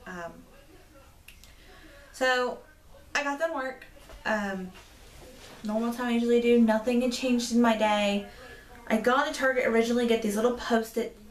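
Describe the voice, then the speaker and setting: A woman's voice: fairly high pitch, normal speed, pauses often, reverberant, far from the mic. A woman in her twenties telling a story to camera, indignant and rambling, with many fillers. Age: 20s. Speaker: vlogger. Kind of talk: storytime vlog.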